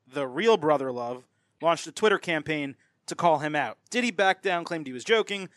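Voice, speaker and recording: A man hosts a casual chat, briskly laying out each topic and tossing questions to his co-hosts. His voice sits a little high, and the sound is dry and close. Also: animated, a bit bright, dry recording. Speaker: podcast host.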